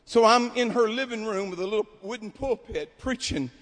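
A man preaching a sermon at a camp meeting, telling stories and building to shouted exhortation. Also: high voice, normal speed. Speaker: pastor. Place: large hall at a camp meeting. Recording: long hall reverb.

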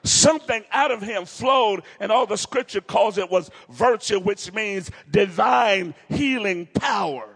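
A man's voice: high-pitched, unhurried, creaky, hardly any pauses, fairly bright tone, husky. A man preaching a revival sermon at a large crusade, acting out the dialogue of the story he tells.

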